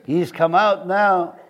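A middle-aged man preaches in a slightly higher register than most men. He rambles through homely stories and jokes, laughing at his own asides. He speaks to a congregation in a church. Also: fairly bright tone. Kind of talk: conversational sermon.

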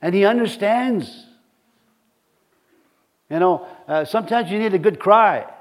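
A middle-aged man preaches in a loose, rambling way, stumbling through restarts and fillers. His voice sits high for a man, and he drops in folksy asides with a chuckle. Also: lively intonation. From reservation community. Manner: halting, many restarts and fillers. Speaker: pastor. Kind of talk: sermon.

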